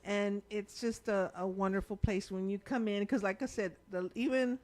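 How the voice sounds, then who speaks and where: Woman in her thirties, talk-radio co-host, warm easygoing storyteller who slips into little voices. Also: medium pitch, fairly even intonation, normal speed. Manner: chatty storyteller, acts out voices in anecdotes. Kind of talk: casual on-air chat.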